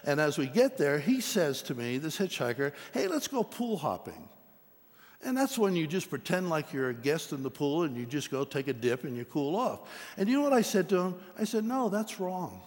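A man's voice: big pitch swings, brisk, few pauses. A middle-aged man preaching, telling his own story in an earnest, storytelling way. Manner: storytelling, earnest, rises in pitch when emphatic. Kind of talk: sermon testimony. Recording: long hall reverb.

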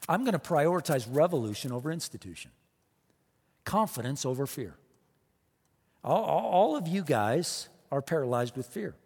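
A man preaching with an emphatic, repetitive cadence, piling up rhetorical questions. His voice sits a touch high for a man. It rings with the long reverb of a big church sanctuary. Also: expressive, normal speed, husky. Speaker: pastor. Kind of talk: sermon.

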